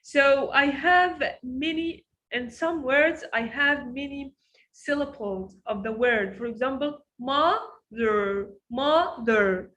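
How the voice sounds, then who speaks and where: A woman teaching English pronunciation online, with an Egyptian Arabic accent, drilling words slowly by repeating them and correcting students. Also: sits high, sharp tone, rough recording. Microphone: video call.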